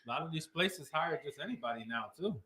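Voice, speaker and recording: Man, short dry quips, slightly high voice, faint background noise. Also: expressive, fast talker, sharp tone. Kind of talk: casual chat.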